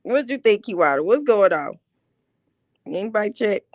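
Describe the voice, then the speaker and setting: A woman's voice: medium pitch, very animated, moderate pace, dry recording. Blunt woman livestreamer, dry close sound. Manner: blunt, confrontational, calls out with repeated questions. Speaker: livestream host. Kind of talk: casual livestream commentary.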